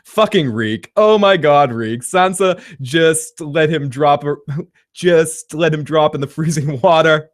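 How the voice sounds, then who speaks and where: Male livestream host, rambling, jokey, swears a lot, laughs often, slightly high voice. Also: expressive, measured pace. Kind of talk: casual reaction chat, reading viewer comments.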